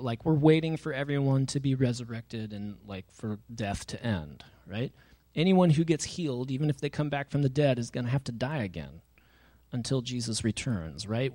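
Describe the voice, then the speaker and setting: A man's voice: medium pitch, darkish tone. A young adult man preaching a sermon in a casual, conversational way, often using fillers and reading scripture passages aloud. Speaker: pastor.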